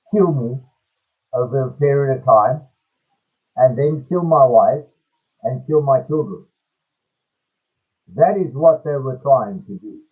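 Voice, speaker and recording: A middle-aged South African man making an impassioned personal statement, slow and emphatic, repeating phrases for stress. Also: medium pitch, slightly rough. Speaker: person airing a grievance to camera. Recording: phone-like lo-fi audio.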